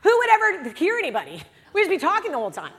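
A woman giving a sermon at a church service, candid and conversational, swinging between hushed and loud moments. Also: very high-pitched, wildly swooping pitch, rapid-fire, in a large hall.

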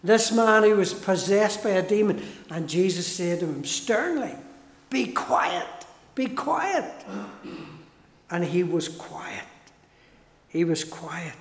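A man preaching a sermon, slow and emphatic, who repeats key phrases for weight and restarts his sentences. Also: high voice. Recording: echoey hall with long reverb.

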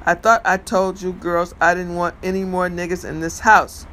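A man voicing a strict, gruff middle-aged father who speaks bluntly and curses as he lays down the law. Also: sits high, flat delivery, normal speed, bright, forceful tone, a little hiss or hum. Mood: angry. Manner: blunt, cursing, commanding.

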